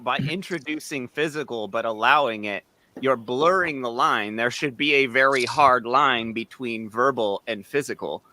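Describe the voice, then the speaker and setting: A man in a heated live podcast debate, blunt and forceful, often restarting his sentences as he argues. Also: mid-range voice, moderate pace, dry recording. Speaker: open podcast participant.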